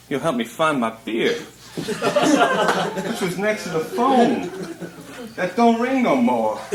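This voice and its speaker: Wry slow-talking man doing live spoken word. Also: mid-range voice, a bit bright. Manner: wry, drawling, laughing through lines. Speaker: performance poet. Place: bookshop reading before an audience. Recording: roomy 1980s live recording with faint hiss.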